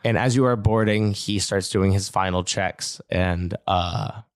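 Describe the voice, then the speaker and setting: A man narrating a tabletop game as game master, relaxed with hesitant fillers. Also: low voice, measured pace, smooth, no room sound, studio quality.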